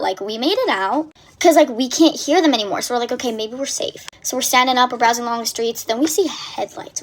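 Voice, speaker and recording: A young woman telling a story in a casual vlog, animated and breathless, packed with filler words. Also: a little high, noisy background.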